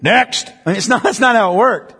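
Man, preacher, expository sermon, conversational rhetorical questions, solemn slow scripture reading, long hall reverb. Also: sits high, pushed and bright, breathy edge. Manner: reads scripture aloud slowly and solemnly.

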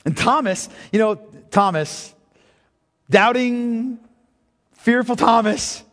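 A man preaching a sermon as pastor, impassioned, swinging from hushed tones to near-shouting and calling his listeners beloved. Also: very high voice, takes it slowly. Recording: long reverb of a large hall.

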